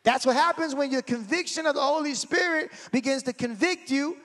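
A man preaching a sermon in an animated way, acting out scenes and swinging from shouting to a hush. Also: very high-pitched, fairly quick. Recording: hall reverb.

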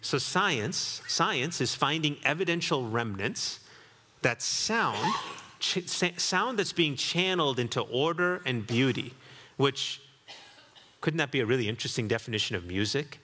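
Man, pastor, sermon, bright tone, long reverb of a church hall. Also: mid-range voice, animated, a little slow, slight background noise. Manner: reflective, builds to emphatic repetition. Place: church sanctuary.

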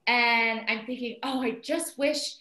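A middle-aged woman telling a story in casual conversation, animated and chatty, full of "like" and "um" fillers as she quotes herself. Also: on the high side, unhurried. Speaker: interview guest, mother of the co-founder. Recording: roomy echo.

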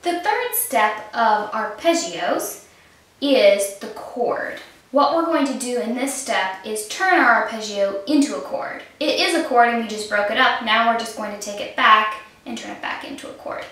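A woman harp teacher explaining arpeggio practice step by step in a calm voice while she plays. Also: fairly high pitch, moderate pace, far from the mic. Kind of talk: instrumental lesson demonstration. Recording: roomy echo, voice from off mic, harp playing.

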